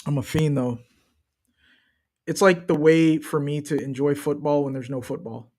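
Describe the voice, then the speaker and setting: Young man, casual stream chatter, jokey trash talk, fairly high voice. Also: steady tone, normal speed, a little mellow. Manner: loose, joking, trash-talking. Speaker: streamer watching a match. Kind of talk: casual live-stream commentary.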